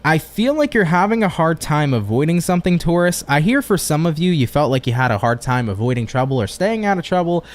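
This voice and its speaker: A man's voice: a little high, expressive, fairly quick, few pauses. A man giving a chatty, upbeat tarot reading on a live stream, with casual slang and swearing. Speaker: tarot reader.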